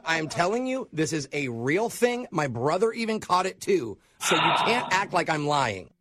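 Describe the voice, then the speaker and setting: A man doing a comic mock-French caller, his high voice swooping up and down as the accent comes and goes. He plays it straight, insisting he has a real illness. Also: big pitch swings, moderate pace, a bit bright, a little hiss or hum. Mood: mock serious. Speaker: prank caller. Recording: phone call.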